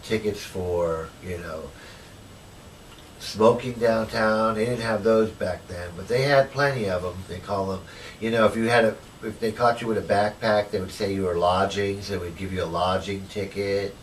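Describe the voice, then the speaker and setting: A man with a fairly low voice recalls his own life story in a loose, rambling way, dotting it with "you know" and acting out old conversations. He sits a little away from the microphone, and a faint hiss runs under his words. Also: fairly even intonation, normal speed, far from the mic, poor audio. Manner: rambling, full of "you know" and retold dialogue. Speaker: formerly homeless interviewee. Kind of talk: personal storytelling in an interview.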